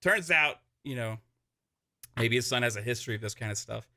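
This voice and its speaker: A man's voice: mid-range voice, fairly quick. A man telling a long story in a casual podcast chat, full of fillers and asides. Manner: animated storyteller, many fillers. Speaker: podcast co-host.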